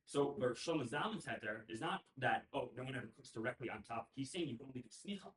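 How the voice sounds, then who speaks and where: Guy in the class jumping in quick with his point, sounds far off from the mic, echoey room. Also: mid-range voice, animated, fairly bright tone. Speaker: student in the class. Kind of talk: class discussion. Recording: roomy, distant from the mic.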